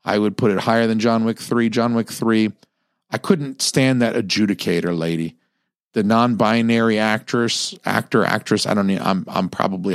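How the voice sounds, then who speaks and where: A man hosts a podcast and reviews a movie on his own, talking in a loose, wandering way. He stumbles through restarts and fillers, and he swears freely. His voice sits low and sounds close and dry, with no room echo. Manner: rambling, profane, many fillers and restarts. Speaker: podcast host. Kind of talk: casual solo movie review.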